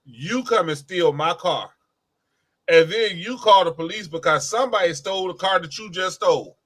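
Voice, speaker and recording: A man's voice: high voice, moderate pace, fairly bright tone. A man co-hosting a casual talk, arguing his point emphatically with everyday examples. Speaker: co-host. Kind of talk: casual chat.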